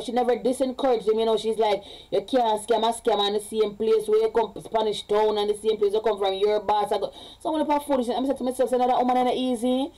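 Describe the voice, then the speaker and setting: A woman's voice: a little high, warm tone, low-quality recording. A Jamaican woman, a parent, talking casually in a vlog. She rambles, repeats herself and slips between English and patois. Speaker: vlogger.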